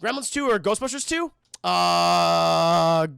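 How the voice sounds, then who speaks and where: A young man streaming a casual, profane spoiler recap, talking excitedly to his chat. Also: very high-pitched, slow, creaky, soft background music. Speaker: streamer and film reviewer.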